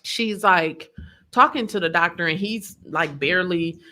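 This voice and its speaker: A woman's lowish voice comes across bright and forceful, a little slow in pace. Sharing her personal story on a podcast, she's an emotional, vivid storyteller who acts out the quotes.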